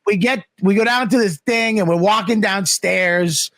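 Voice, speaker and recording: A middle-aged man telling animated, profane stories on a comedy podcast. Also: high-pitched, moderate pace, no room sound, studio quality. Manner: animated, profane, acts out voices in his story. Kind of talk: casual storytelling on a comedy podcast.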